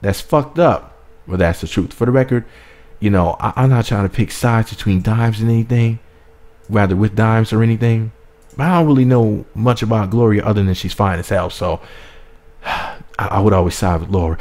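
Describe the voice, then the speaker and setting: A man's voice: mid-range voice, animated, fairly quick, darkish tone. A man reading a celebrity gossip article aloud and breaking off into profane, joking commentary. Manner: profane, playful and irreverent, keeps interrupting himself. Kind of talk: reading an article with off-script comedic asides.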